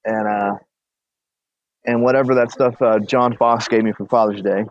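A man's voice: lowish voice, fairly even intonation, normal speed, no echo, muffled recording. A young man telling loose, rambling stories as a podcast co-host in casual chat. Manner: laid-back, rambling storyteller.

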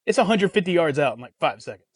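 A man recounts his day in an easygoing, unhurried manner on a podcast. His voice sits a little high and the recording is dry and close. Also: very animated, no room sound. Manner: easygoing, low-key storyteller. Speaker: podcast co-host. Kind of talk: casual podcast chat.

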